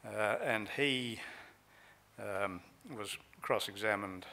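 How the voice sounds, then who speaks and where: A man speaks at a conference lectern, recounting a trial in a measured way with frequent pauses. His voice sits a little low, with a gravelly edge and a bright, forceful tone. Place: conference hall.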